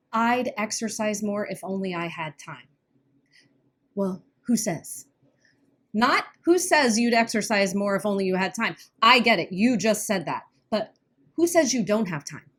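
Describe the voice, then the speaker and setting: A woman talking on a casual podcast, coaching listeners with earnest energy. Her pitch is mid-range, and she breaks into quick nervous laughs. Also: expressive. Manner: earnest, laughs when uneasy, quick bursts. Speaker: podcast co-host, weight-loss coach.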